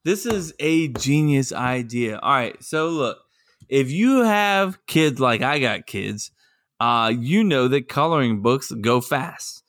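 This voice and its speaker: A man in his thirties co-hosting a podcast over a remote connection, casual and laughing, often slipping into shouted put-on voices. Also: medium pitch, animated, slow, no echo. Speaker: podcast co-host. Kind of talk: casual chat. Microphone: remote call connection.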